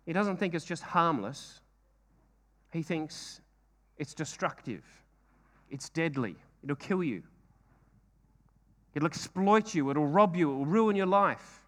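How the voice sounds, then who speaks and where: Guy preaching a sermon, fairly high voice, earnest, keeps asking the room questions. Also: expressive, slow, pauses often, fairly bright tone. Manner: earnest, rhetorical questions, repeats phrases.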